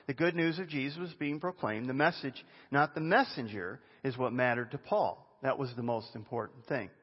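A man preaching a sermon as a pastor, animated and conversational, with chatty asides. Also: mid-range voice, normal speed, slightly rough. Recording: dull lo-fi sound with long reverb in a hall.

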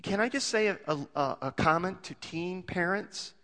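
Lively, bright-voiced man preaching. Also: high voice, a little slow, in a large hall. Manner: conversational, full of rhetorical questions and homely jokes. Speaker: pastor. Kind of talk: sermon.

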